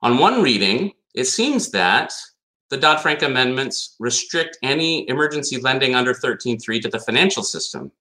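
A man's voice: mid-range voice, sing-song, normal speed, sharp tone. A man giving an academic lecture on law, reading statute passages aloud and posing emphatic rhetorical questions. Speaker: conference speaker on law.

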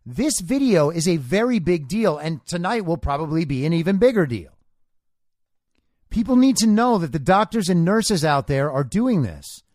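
A man's voice: fairly high pitch, very animated, moderate pace, a little mellow, no echo, clean studio sound. A man hosting a political commentary podcast, lecturing in a combative way and often tagging lines with "okay?". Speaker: podcast host.

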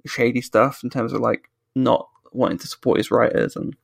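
A British man from the United Kingdom co-hosts a podcast, ranting in casual conversation with lots of swearing and frequent restarts as he corrects himself. His medium-pitched voice is steady, with vocal fry at a normal speed, in a dry recording.

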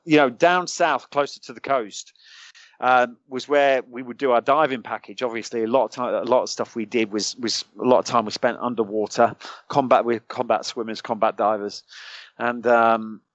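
This podcast guest, a middle-aged British man who once served as a soldier, recounts a lengthy anecdote in casual terms, performing others' lines along the way. His mid-range voice is captured dry and slightly dull, without echo.

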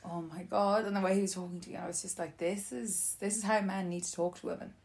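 Young woman, lowish pitch, lively gossipy storyteller who slips into quoted voices. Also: quick pace. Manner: chatty and animated, laughs often, acts out quotes. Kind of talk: casual storytelling chat.

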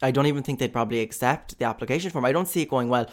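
A man's voice: medium pitch, racing. A young man with a Cork Irish accent, riffing through a rambling, profane comic monologue as a podcast host. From Ireland. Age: young adult. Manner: rambling, profane, jokey, with lots of fillers. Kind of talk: comedic monologue.

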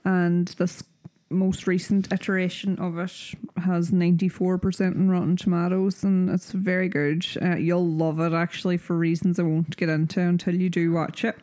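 A young Irish woman with a Donegal accent chats on a podcast, her voice sitting a little low. She rambles easily through fillers and asides. The mic is close and dry, with no room sound. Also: level tone, normal speed, mellow, no room sound. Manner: chatty, rambling with fillers and wee. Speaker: podcast co-host. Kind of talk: casual chat.

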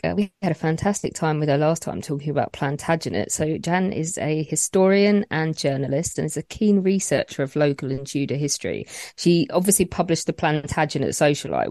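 A woman's voice: low-pitched, dark tone, no room sound, studio quality. A woman co-hosting a podcast, chatty and teasing as she interviews a guest. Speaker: podcast co-host. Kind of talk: casual chat interview.

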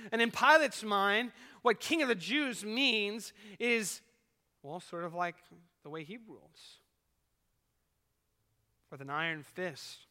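A pastor preaching to his church, his voice high for a man and very bright and forceful. He delivers the sermon earnestly, letting his volume climb and fall. The sound carries a long echo from the church hall. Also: lively intonation, slow, pauses often. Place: church sanctuary.

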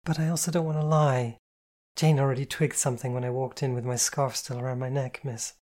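An audiobook reader voicing a shy, polite young woman who speaks softly and apologetically, in a storybook reading. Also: medium pitch, little pitch movement, brisk, natural voice. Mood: earnest. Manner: soft-spoken and apologetic.

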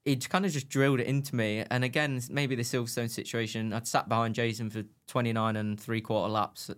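A young man who is a motorbike racer, telling animated stories in a casual podcast chat and laughing at himself. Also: mid-range voice, a little fast. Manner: animated anecdotes, laughs at himself, acts out his own thoughts.

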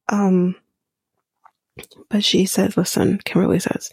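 A woman hosting a podcast, recapping a reality show in blunt, profane, animated casual chat, often half-whispering. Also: medium pitch, very slow, pauses often, slightly rough, dry recording, clean studio sound.

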